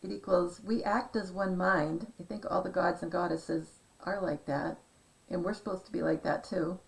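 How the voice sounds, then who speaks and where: A woman's voice: on the low side, fairly even intonation, moderate pace, gravelly, low-quality recording. A woman rambling through a casual monologue as a vlogger, meandering and hesitant, often trailing off into asides. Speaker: conspiracy decoding vlogger.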